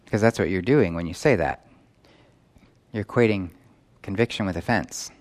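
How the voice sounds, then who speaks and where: With a deep, darkish voice at normal speed, a man preaches as pastor of a church in New York. He keeps asking the congregation one question after another.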